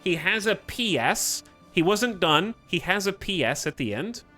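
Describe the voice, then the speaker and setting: A man chatting casually on a live stream, joking and animated, laughing often. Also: sits high, unhurried, soft background music.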